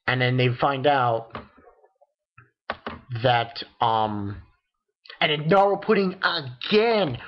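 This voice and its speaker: A man casually recapping a manga chapter, excitable and profane, with many restarts. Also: medium pitch, very slow, long pauses, dull audio. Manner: excitable, swears, retells dialogue with many restarts. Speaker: manga reviewer.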